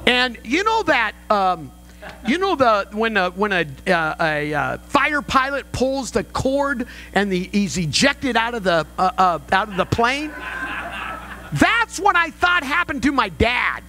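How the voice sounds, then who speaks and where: High-voiced bright older man preaching. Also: big pitch swings, a little slow, soft background music, rough recording. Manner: storytelling with rising emphasis and humor. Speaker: pastor. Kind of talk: sermon. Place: church sanctuary.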